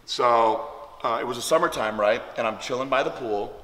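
A man hosting a vlog tells a story casually, rambling with many fillers like "like" and "um." His voice is mid-range and fairly bright, at a moderate pace. The room is echoey, with long reverb.

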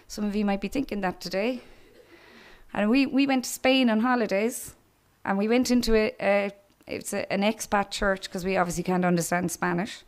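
A woman's voice: medium pitch, moderate pace. A middle-aged Irish woman giving an earnest church testimony, speaking directly to young people. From Ireland.

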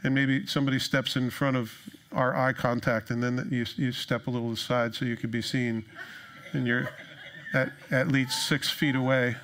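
A male pastor preaching in a conversational, joking manner with animated storytelling. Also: mid-range voice, moderate pace. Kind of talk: sermon.

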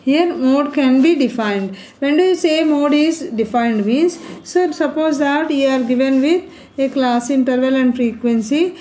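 A woman's voice: high voice, unhurried, warm tone. A woman teaching a statistics lesson at a board, explaining step by step and putting questions to her class. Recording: echoey room.

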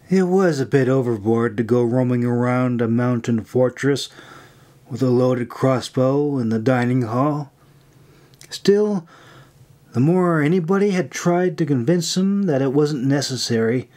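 A man reading his own fantasy novel aloud as an audiobook, in a measured way with small slips and restarts. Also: mid-range voice, darkish tone. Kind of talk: audiobook narration.

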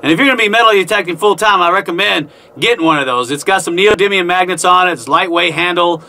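A man with a high, sharp voice and vocal fry speaks quickly as he hosts a gold-prospecting channel from within a narrow mine tunnel. The casual show-and-tell is folksy and full of jokes and whoops.

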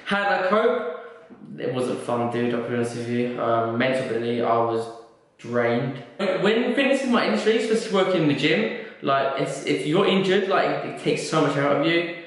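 A man's voice: fairly high pitch, lively intonation, moderate pace. A young man answering viewers' questions in a casual, joking vlog. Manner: chatty, joking, swears casually. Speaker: vlogger and fitness coach. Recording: very echoey room.

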